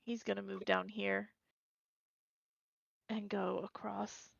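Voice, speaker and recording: A woman's voice: medium pitch, little pitch movement, slow, creaky, dry recording. A woman running a tabletop game as game master, narrating monster moves and laughing easily. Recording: dull lo-fi recording.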